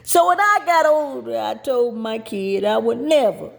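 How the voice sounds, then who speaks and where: High-voiced folksy woman storyteller. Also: measured pace, vocal fry. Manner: folksy, plain-spoken, with colloquial grammar; lively, acts out voices as she tells. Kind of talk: spoken-word personal storytelling.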